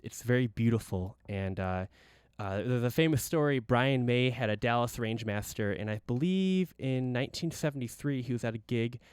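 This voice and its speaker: Smooth-voiced rambling gear demo guy. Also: medium pitch, a little mellow, no echo, clean studio sound. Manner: rambling, many restarts, enthusiastic. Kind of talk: casual gear demo talk.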